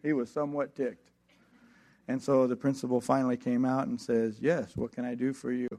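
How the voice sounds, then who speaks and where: A preacher tells a story from his own life, voicing each character and chuckling as he goes. He speaks at a moderate pace in a mid-range voice, with a lively, animated manner.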